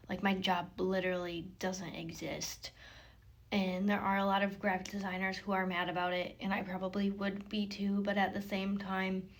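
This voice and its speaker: Chatty young woman farm vlogger. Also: on the low side. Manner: rambling, chatty, often drops to a whisper. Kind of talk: casual vlog narration. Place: outdoors on a farm, later an office.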